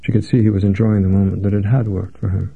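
Man narrating a novel, low husky voice, measured and somber, dry tinny phone-like audio. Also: flat delivery, no echo.

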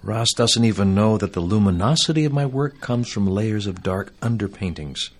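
A man voicing a despairing middle-aged male painter, wounded and bitter, speaking in a low, weary and resentful way. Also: lively intonation, moderate pace.

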